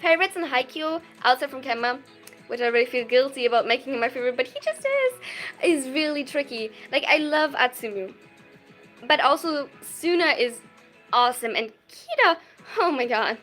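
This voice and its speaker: This is a high-pitched, youthful voice with a clear German accent, streaming from a home room. The talk is loose and bubbly, full of gushing thanks and little laughs while viewer messages are read aloud. Soft music plays faintly underneath. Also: lively intonation. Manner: bubbly and effusive, quick to gush thanks and laugh. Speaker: livestreamer. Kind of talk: casual livestream chat, reading viewer messages aloud.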